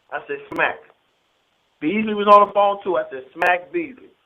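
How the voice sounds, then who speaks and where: A man's voice: sits high, moderate pace. A man, a battle rapper, tells the story of a money dispute in a played interview clip, speaking in profane, streetwise language and acting out the phone calls in quoted dialogue. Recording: tinny phone-like audio.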